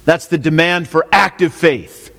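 Man, pastor, sermon, somewhat high pitch, asks listeners questions, repeats points, reverberant hall. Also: measured pace, creaky, fairly bright tone. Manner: asks the congregation questions, repeats key lines. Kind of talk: expository sermon.

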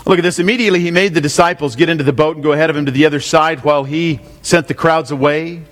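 A man's voice: on the high side, fairly even intonation, rapid-fire. A man preaching an expository sermon. He often asks his listeners questions and repeats his main points. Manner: asks the congregation questions, repeats key lines. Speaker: pastor. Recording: long hall reverb.

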